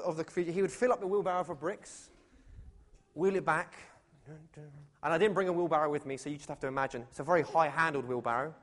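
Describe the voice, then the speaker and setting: Male pastor preaching, fairly high voice. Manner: animated and conversational, swinging from loud to hushed, with many rhetorical questions. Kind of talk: sermon. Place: church, before a live congregation.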